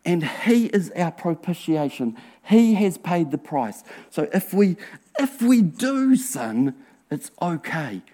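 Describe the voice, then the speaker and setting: Male pastor, slow deliberate sermon delivery, slightly high voice, earnest with hushed asides. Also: very animated. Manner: earnest, drops to a hushed near-whisper for emphasis; slow, emphatic preaching with rhetorical questions.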